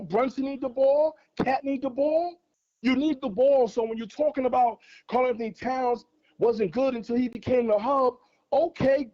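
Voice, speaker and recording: A guest caller on a fan livestream, this man has a very high-pitched voice with a dark tone, and the recording sounds muffled. He's in a heated sports debate, arguing passionately and repeating his points for emphasis.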